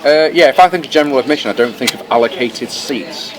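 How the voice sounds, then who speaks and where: A man co-hosting a casual podcast, chatty and swearing casually, recorded in a fast-food restaurant. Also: medium pitch. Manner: chatty, swears casually, talks while eating. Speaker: podcast co-host. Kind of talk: casual chat. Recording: noisy crowded restaurant. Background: busy restaurant crowd chatter.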